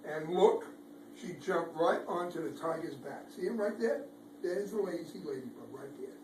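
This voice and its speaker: A man reading a picture book aloud to children, animated, pointing out pictures and making sound effects. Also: a little high, moderate pace. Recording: echoey room, far from mic, background noise.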